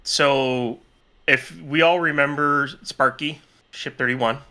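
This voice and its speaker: Bright-voiced man explaining technical details. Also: medium pitch, steady tone, slow pace. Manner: explanatory, casual, with fillers and restarts. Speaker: co-host answering questions. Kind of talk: technical explanation on a live stream.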